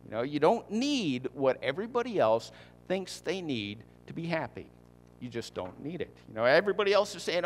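A man's voice: on the high side, sing-song, a little fast. Conversational male pastor preaching in a hall. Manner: conversational preaching, repeats key points, rhetorical questions. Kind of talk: sermon.

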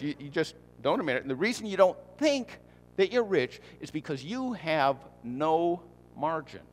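A pastor with a slightly high voice and big pitch swings preaches at normal speed, with a long reverb tail. His sermon is conversational; he repeats key points and poses rhetorical questions to the congregation.

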